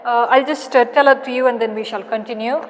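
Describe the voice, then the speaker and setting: A woman with an Indian English accent teaching an English lesson, explaining patiently and repeating key points with many pauses. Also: fairly high pitch, steady tone, big-room sound. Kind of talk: recorded classroom lesson.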